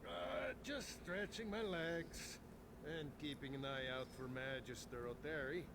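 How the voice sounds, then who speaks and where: A man's voice: on the high side, unhurried. An actor playing a chatty, boastful male mine lookout in a video game, cracking crude jokes. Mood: cocky. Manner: joking, boastful, crude humor. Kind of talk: video game character dialogue. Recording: game audio with steady background noise.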